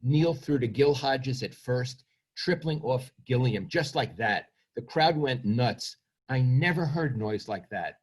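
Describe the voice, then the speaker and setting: A man's voice: mid-range voice, animated, unhurried, slightly rough. A man, reading from his book and then talking about himself in a reflective, self-deprecating way. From Brooklyn, New York. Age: 70s. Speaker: author.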